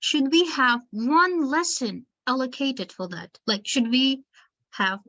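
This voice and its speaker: A woman's voice: high-pitched, slow, bright, forceful tone, highs cut off. A woman teacher trainer giving an online webinar lecture, explaining step by step and addressing her listeners as dear teachers. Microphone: video call.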